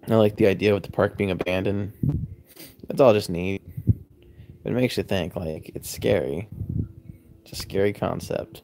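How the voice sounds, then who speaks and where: A man livestreams casually from his loft at home, recorded on a phone camera, rambling and answering viewer comments. His lowish, creaky voice is steady, unhurried and mellow, with long pauses, and he sounds sleepy, yawning as he goes. There's slight background noise.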